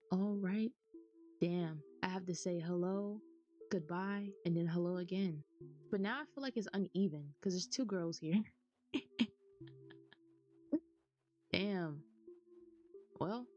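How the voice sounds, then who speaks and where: A woman's voice: fairly low pitch, dark tone. A young American woman giving chatty, rambling commentary over a video game and laughing often. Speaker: gaming YouTuber. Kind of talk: casual gameplay commentary. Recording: slightly dull recording, faint music.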